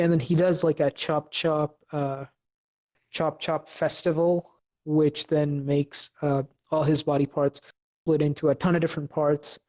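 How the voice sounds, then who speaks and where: A man's voice: on the high side, little pitch movement, darkish tone. A young man co-hosting a podcast, casually recapping an episode with lots of fillers and restarts. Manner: halting, many fillers and restarts. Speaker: podcast co-host.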